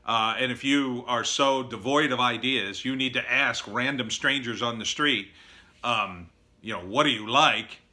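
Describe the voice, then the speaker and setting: A man's voice: medium pitch, measured pace, bright, forceful tone. A middle-aged man giving blunt, opinionated screenwriting advice in a casual monologue, with fillers and acted-out quotes.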